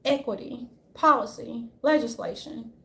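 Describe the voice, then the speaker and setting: A woman's voice: fairly high pitch, a little slow. Brash, profane woman ranting. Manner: brash, profane, sassy, repeatedly says "darling"; animated, jumps into mocking voices. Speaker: commentary vlogger. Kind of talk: unscripted commentary rant.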